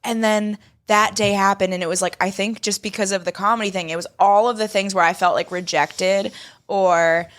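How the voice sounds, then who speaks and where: Animated young woman podcast co-host. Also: medium pitch, moderate pace. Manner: animated storytelling, acts out her own past lines. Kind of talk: casual chat.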